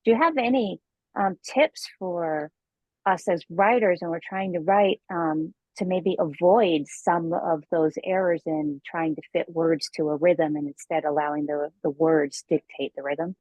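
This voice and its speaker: A woman on a video call asking a question hesitantly, with many pauses and ums. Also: fairly low pitch, darkish tone, no echo, lo-fi sound. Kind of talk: casual group chat on a video call.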